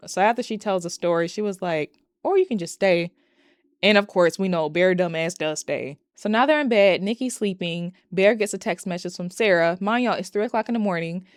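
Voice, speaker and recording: A woman's voice: lowish voice, brisk, hardly any pauses, dry recording, clean studio sound. Chatty, profane woman recapping a movie. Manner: chatty, profane, animated, exasperated asides. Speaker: movie reviewer.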